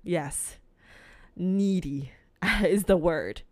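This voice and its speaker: A young woman talks slowly in a casual, confessional podcast monologue. She is frank and profane and laughs often. Her voice sits a little low and is recorded close on a dry mic. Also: a little mellow, no echo. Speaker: podcast host.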